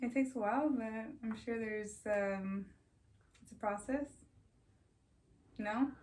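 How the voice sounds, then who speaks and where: A woman's voice: a little high, takes it slowly, darkish tone. A woman guest in a casual chat, defensive but laughing easily. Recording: echoey room, mic at a distance.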